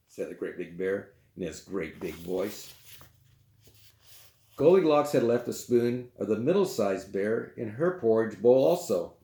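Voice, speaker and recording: Male storyteller reading to children, animated, chatty asides, roomy echo. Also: on the low side, normal speed.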